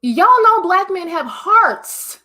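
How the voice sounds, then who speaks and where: A woman's voice: very high voice, very animated, slow pace, bright, forceful tone. A woman from the United States hosting a vlog, giving a casual opinion monologue straight to her viewers in an emphatic, preachy way. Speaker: vlog host.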